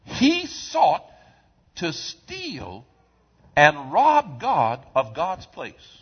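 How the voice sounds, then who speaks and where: A man preaching a sermon in a church, swinging from quiet asides to shouted lines in a call-and-response style. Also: a little high, wildly swooping pitch, drawn-out words, slightly rough, muffled recording. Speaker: pastor. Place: church sanctuary.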